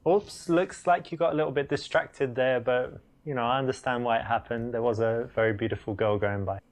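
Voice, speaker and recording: An actor playing a dating coach in a video game, explaining mistakes in a measured way. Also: male voice, medium pitch, steady tone, lightly acted. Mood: instructive. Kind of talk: instructional game narration.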